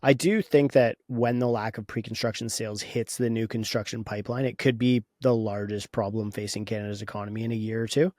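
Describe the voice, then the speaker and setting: A man in casual podcast conversation with a somewhat low voice, sharing strong opinions. He thinks aloud, often breaking off and restarting his sentences. The sound is dry and close to the mic, with no room around it. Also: fairly even intonation, a little fast, hardly any pauses, a little mellow, no room sound. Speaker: podcast co-host.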